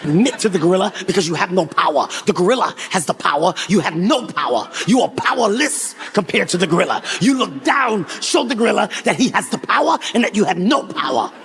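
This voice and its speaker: A comedian voicing a solemn male tour guide who gives slow, commanding rules in a lowered voice. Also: animated, vocal fry, fairly bright tone, full character voice. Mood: grave, commanding. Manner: slow, grave, commanding instruction.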